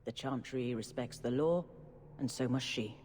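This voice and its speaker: A calm, wise grand cleric. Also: female voice, very deep voice, husky. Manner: calm, measured, gently authoritative. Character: calm, wise older woman church leader, measured authority. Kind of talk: video game voice acting. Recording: long reverb with faint noise.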